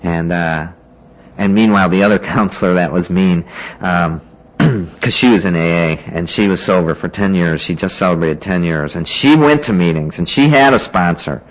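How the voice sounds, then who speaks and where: A man with a somewhat low voice tells his own story of getting sober in a casual, meandering way. He leans on "you know" and "like", and he acts out the lines of the people he's talking about. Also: moderate pace, muffled recording. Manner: rambling, full of "you know" and "like", acts out what others said. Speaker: speaker sharing his recovery story at a meeting.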